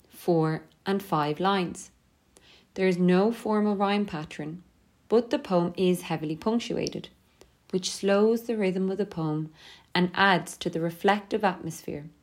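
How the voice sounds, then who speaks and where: Woman reading a calm lesson. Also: on the low side. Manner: steady, measured reading. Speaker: teacher. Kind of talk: scripted lesson narration.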